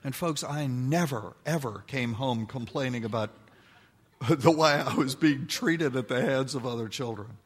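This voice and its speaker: An older man giving a folksy, animated talk to an audience of mothers, acting out the voices in his stories. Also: mid-range voice, unhurried, slightly rough. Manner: folksy, animated storytelling, acts out quoted voices. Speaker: speaker addressing an audience of mothers. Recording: long hall reverb.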